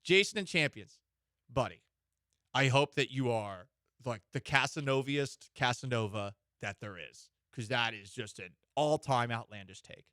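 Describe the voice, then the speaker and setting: A man hosting a sports radio show, talking in an animated, joking way with rambling asides. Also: mid-range voice, unhurried, dry recording, studio quality.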